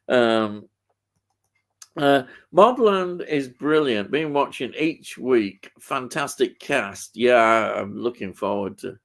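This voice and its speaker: A man hosts a casual live stream, talking slowly in a gravelly voice. He rambles along, hesitant and full of ums and restarts. He reads out viewer comments as he goes. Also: medium pitch. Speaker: live stream host reading chat. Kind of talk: casual chat.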